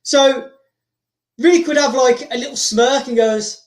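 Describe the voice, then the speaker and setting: A man hosting, rambling excitedly through a story told casually, with frequent repeats and restarts. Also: extremely high pitch, unhurried. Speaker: host. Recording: roomy echo.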